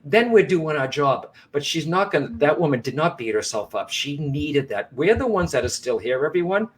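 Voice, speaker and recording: Co-hosting a live broadcast as a psychic medium, a man speaks earnestly and reassuringly directly to his viewers. His voice is a little high and very animated at a normal pace, and he often restarts and repeats phrases.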